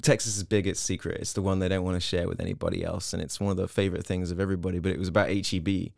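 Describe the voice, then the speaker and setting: A middle-aged man with an English accent, chatting as an interview guest and telling stories in a quick, animated way. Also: low voice, creaky, no echo, studio quality. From Hong Kong-born, British. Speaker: interview guest, content creator. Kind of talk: casual interview chat.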